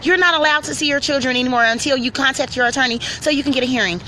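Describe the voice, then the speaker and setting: A woman quoting a calm, officious female caseworker in a formal tone. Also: high-pitched, racing, slight background noise, pitched above the performer's own voice, poor audio.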